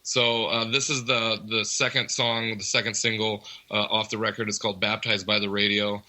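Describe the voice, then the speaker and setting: A man, a rock band member, chatting casually as a guest in an interview, relaxed and rambling with lots of fillers. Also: on the low side, moderate pace, low-quality recording.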